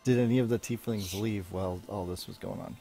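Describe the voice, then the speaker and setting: A man playing a tabletop game, playful and quick to argue the rules. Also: fairly low pitch, fairly even intonation, dark tone, slightly rough, soft background music. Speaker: player. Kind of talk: casual tabletop play.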